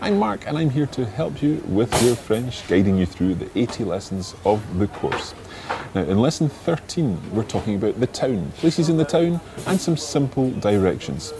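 A man hosting a language-learning podcast, teaching patiently and modelling words clearly for the listener. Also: mid-range voice, big pitch swings, moderate pace, noisy background. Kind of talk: language lesson with an ad read.

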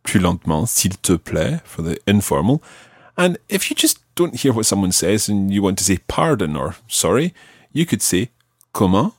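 A man hosting a podcast language lesson, patiently prompting a learner and slowing down for example phrases. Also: fairly low pitch, sing-song, breathy edge, no echo, clean studio sound. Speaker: language teacher and podcast host.

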